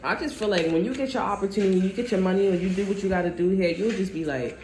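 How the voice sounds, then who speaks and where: A tarot reader with a mid-range voice talks at a racing pace, giving a casual, rambling reading packed with cursing and asides in a profane, animated manner. The recording has a roomy echo and faint background noise.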